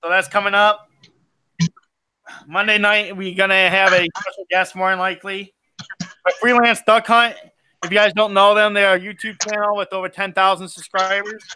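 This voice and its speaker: High, bright-voiced man hosting a stream. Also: little pitch movement, moderate pace, smooth, no room sound, rough recording. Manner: laughs often, loose and rambling. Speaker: host of a fishing and outdoors live stream. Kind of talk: casual live-stream chat.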